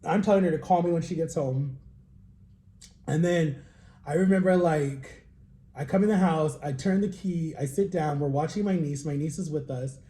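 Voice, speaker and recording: A young man casually telling a story while tasting wine, animated, acting out quotes with jumps in pitch. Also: normal speed, roomy sound. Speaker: vlogger.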